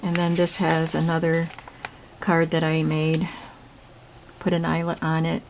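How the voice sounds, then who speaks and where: Woman host, low gravelly voice, chatty step-by-step craft demo; noisy track with clicks. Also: monotone, a little slow, a little mellow. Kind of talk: casual crafting demonstration.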